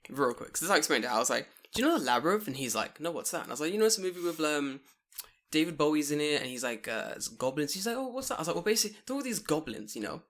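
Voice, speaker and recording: A man's voice: on the high side, big pitch swings, rapid-fire, a bit bright. A man hosting a podcast, chatting casually, swearing and laughing while tipsy. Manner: swearing, laughing, rambling after drinking. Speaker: podcast host. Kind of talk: casual chat. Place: Japan.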